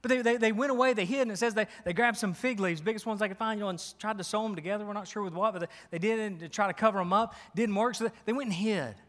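A man's voice: sits high, very fast, hardly any pauses, fairly bright tone. A male pastor preaching a sermon in a church, emphatic and repetitive, firing rhetorical questions. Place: church sanctuary. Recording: long hall reverb.

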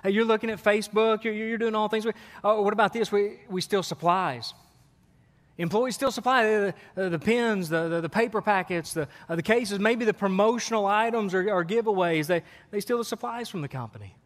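High-voiced folksy preacher, reverberant hall. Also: male voice, fairly quick. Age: 40s. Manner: folksy storytelling with laughs and asides to the congregation. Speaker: pastor. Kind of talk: sermon. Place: church sanctuary. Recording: sermon in a hall with long reverb.

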